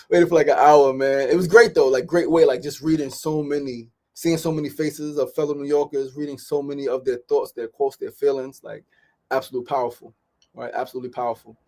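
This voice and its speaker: A man hosting a show, telling a story in a casual, animated way and acting out other people's voices. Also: mid-range voice, fairly quick. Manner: animated, repeats "right?" and "like", acts out quoted voices. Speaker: podcast host.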